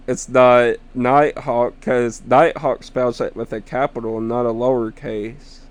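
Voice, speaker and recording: A young man, apparently a gamer vlogger, rambles slowly and casually about his sister and a game partner, chuckling as he tells his stories. His mid-range voice is smooth with a flat delivery, and the recording is dry.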